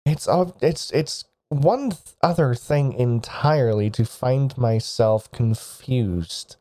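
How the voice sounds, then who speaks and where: Condescending amused woman for a tabletop game, played by a man, slow and patronizing, warm and mellow. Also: mid-range voice, natural voice. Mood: mocking. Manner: patronizing, drawn-out.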